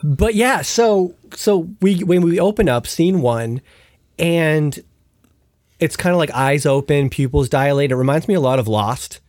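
A man's voice: a little high, lively intonation, a little slow, a little mellow, no room sound, clean studio sound. A man hosting a podcast, chatting casually and animatedly about a TV show and laughing as he retells scenes. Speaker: podcast host.

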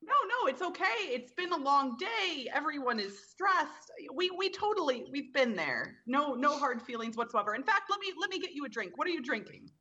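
A woman playing a bright, chatty adventurer. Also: high voice, big pitch swings, fairly quick, hardly any pauses, slight background noise, full character voice. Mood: friendly. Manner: chatty, hesitant, warm. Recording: lo-fi, dull.

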